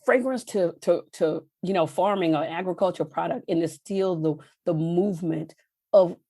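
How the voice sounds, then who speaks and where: A middle-aged woman from Texas, a podcast guest telling heartfelt stories, her pitch jumping up when she gets animated. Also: moderate pace, no room sound. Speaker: podcast guest, wine journalist. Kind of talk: emotional storytelling interview.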